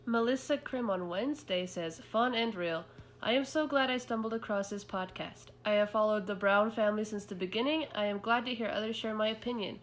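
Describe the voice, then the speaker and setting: Woman reading reviews, steady delivery, faint hiss underneath. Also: mid-range voice, a little fast. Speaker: review reader.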